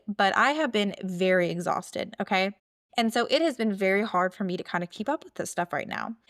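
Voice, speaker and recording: A woman's voice: mid-range voice, a bit bright. A woman hosting a podcast, talking casually and chattily, full of "like" and "okay?" checks. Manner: chatty, filler-heavy, with many "like"s and "okay?"s. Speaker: podcast host. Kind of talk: casual solo podcast talk.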